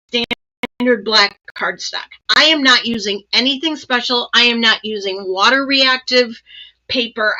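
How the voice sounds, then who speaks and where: Bright chatty woman crafting host. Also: a little high, dull audio. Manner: chatty, excited, many ums and asides. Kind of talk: casual live crafting demo.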